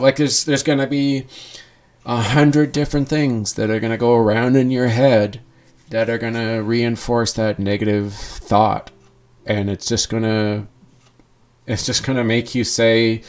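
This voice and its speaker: A man's voice: medium pitch, fairly even intonation, a little slow. A man speaking candidly in a personal monologue, earnest and rambling, often restarting his sentences.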